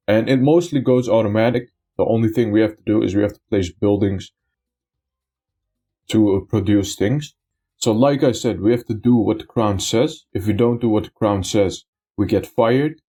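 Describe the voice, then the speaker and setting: Male let's-play host, low mellow voice, explanatory and unhurried. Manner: explanatory, step-by-step, with frequent uh and so. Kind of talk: gameplay commentary.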